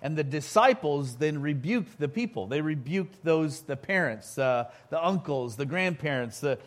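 Halting preacher man, rising to loud emphasis. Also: on the high side, animated. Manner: halting, full of restarts, building to loud emphasis. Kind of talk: sermon.

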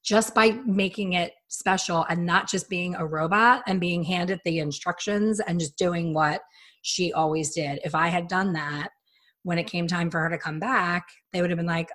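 A woman in her fifties tells salon stories in a loose, chatty way, often slipping into the voices of the people she quotes. Her voice sits on the low side for a woman. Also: normal speed. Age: 50s. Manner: animated storyteller who acts out quotes. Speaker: hairstylist and podcast host. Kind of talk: casual storytelling chat.

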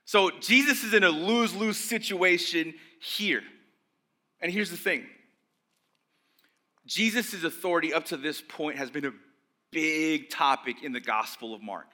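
Bright, lively young preacher. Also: male voice, on the high side, unhurried, long pauses. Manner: conversational, animated, acts out voices of religious leaders. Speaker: pastor. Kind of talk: sermon.

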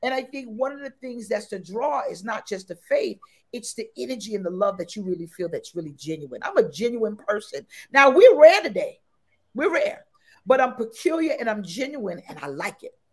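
A woman guest in an interview chat, talking exuberantly and repeating her phrases with excited bursts. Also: fairly high pitch, moderate pace, slightly rough. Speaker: podcast guest.

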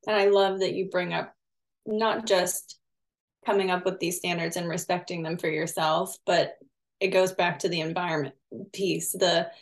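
A woman's voice: lowish voice, fairly even intonation, moderate pace. A woman co-hosting a podcast, talking casually and thoughtfully, often hedging with "you know".

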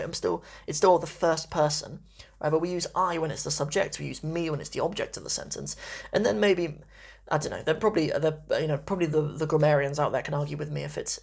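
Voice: medium pitch, gravelly, slightly rough. A teacher giving a casual spoken grammar lesson, chatty and full of "right?" check-ins and small restarts. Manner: chatty, many fillers and "right?" tags. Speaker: language teacher.

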